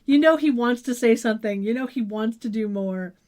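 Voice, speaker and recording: A woman's voice: fairly high pitch, brisk, a little mellow. A woman co-hosting a podcast, recapping an episode with wry asides, laughs and casual swearing. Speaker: podcast co-host.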